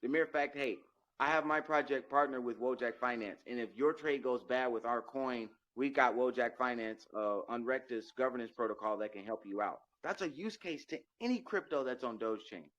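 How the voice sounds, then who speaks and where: A man's voice: mid-range voice, moderate pace, fairly bright tone, lo-fi sound. A man on a voice call promoting his crypto project, boastful and emphatic.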